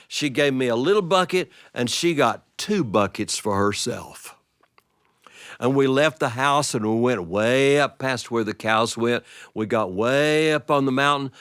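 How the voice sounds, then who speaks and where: Expressive male storyteller. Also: medium pitch, dry recording, studio quality. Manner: expressive, drawn-out pauses and lively vocal play. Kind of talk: told personal story for an audience.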